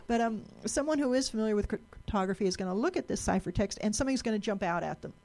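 A woman's voice: medium pitch, expressive, fast talker, darkish tone. A woman giving a live presentation to an audience in a lecture room, chatty and explanatory, often restarting and repeating words.

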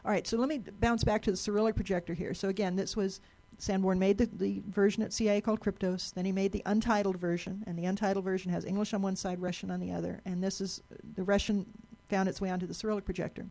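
A woman speaks to a live audience in a lecture room, chatty and explanatory. Her mid-pitched voice has a gravelly edge, and she often restarts and repeats words as she goes. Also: fairly even intonation, fast, few pauses, mellow. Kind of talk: live presentation talk.

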